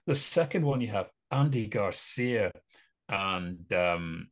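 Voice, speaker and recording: A man with a lowish voice co-hosts a relaxed podcast. He rambles through his film opinions, laughs easily and hops from one complaint to the next. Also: slow pace. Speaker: podcast co-host. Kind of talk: casual podcast film chat.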